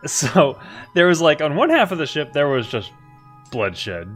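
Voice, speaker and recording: A man playing a tabletop game, telling what his character does in an animated way and laughing often. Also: on the high side, a little slow, soft background music. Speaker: player.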